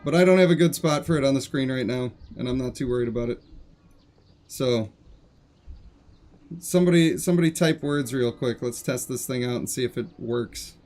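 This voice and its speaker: A man's voice: medium pitch, normal speed, darkish tone. A man streaming a game live, chatting casually and joking with his viewers. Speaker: gaming streamer.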